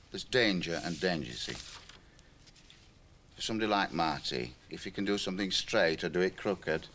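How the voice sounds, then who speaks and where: A cynical, middle-aged stand-up comic in a radio play. His voice is bright and forward, and it jumps wildly through its pitch range. He talks in a chatty, lecturing way. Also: gravelly, slight background noise, heavily acted. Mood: needling. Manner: chatty, lecturing, shifts into a club comedy routine. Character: aging male stand-up comic, cynical and wheedling. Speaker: comedian.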